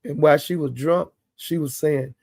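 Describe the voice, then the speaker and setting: A man hosting his channel, rambling through a gossip story in a gravelly, husky voice. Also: fairly high pitch, fairly even intonation, moderate pace, darkish tone, dry recording. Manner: rambling, with quoted asides. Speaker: channel host.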